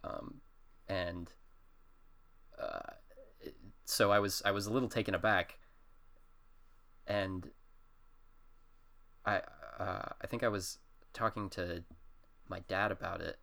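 Rambling low-voiced young man. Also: steady tone, takes it slowly, vocal fry, pauses often, a bit bright. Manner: rambling storyteller, many fillers and restarts, laughs often. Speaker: podcast co-host. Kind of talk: casual chat.

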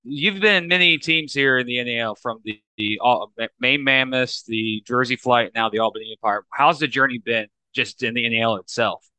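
A man's voice: mid-range voice, normal speed, hardly any pauses, pushed and bright, clear, resonant tone, no echo, low-quality recording. A man co-hosting a sports show, chatty and joking while asking questions. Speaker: co-host. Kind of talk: casual sports podcast chat.

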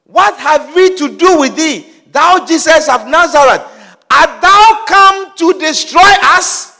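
A high, wailing demon voice put on by a male preacher, pleading in old-fashioned speech to be left alone. The cries rise and fall sharply and ring through a long echoing hall. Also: lively intonation, slow, vocal fry, bright, forceful tone, heavily acted. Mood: protesting. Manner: pleading, outraged outcry in archaic speech. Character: tormented unclean spirits crying out in protest.

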